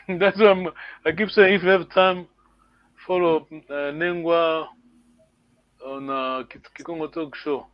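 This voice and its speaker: A fairly high-pitched man with fairly even intonation speaks slowly and pauses often, recorded without room sound and somewhat muffled. Teaching a language online, he is patient, repeats words, and regularly asks "yeah?" to check that students follow.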